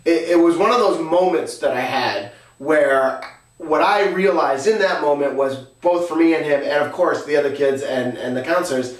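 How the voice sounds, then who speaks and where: A man hosting a podcast and telling a story in a casual, halting way, stopping often for filler sounds. His voice sits a bit high for a man and carries a roomy echo, as though he is some distance from the mic. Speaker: podcast host.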